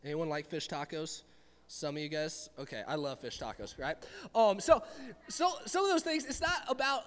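A man's voice: fairly high pitch, expressive, moderate pace, fairly bright tone. A man preaching a casual youth sermon to a live audience in a church hall, chatty and joking with rambling asides. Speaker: youth pastor. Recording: long hall reverb.

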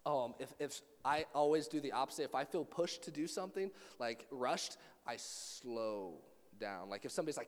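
A young man preaching to a youth group, telling family stories in a lively way and acting out the voices of the people in them. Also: medium pitch, normal speed, long reverb tail. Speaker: youth pastor.

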